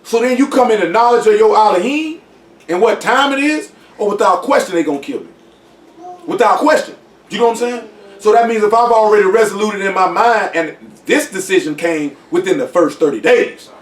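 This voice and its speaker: A man speaks emphatically in a casual group discussion and keeps checking that his listeners follow him. His voice sits high. He is recorded from some way off in a room with plenty of echo. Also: animated, a little fast, slight background noise. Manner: emphatic, repeats "you know what I'm saying". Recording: echoey room, voice from a distance.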